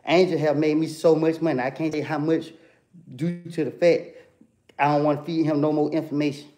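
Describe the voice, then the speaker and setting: A man's voice: fairly high pitch, level tone, a little fast, mellow. A young man, ranting confrontationally on a livestream and repeating "bro" and "come on, man" constantly. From Atlanta, USA. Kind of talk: heated livestream rant.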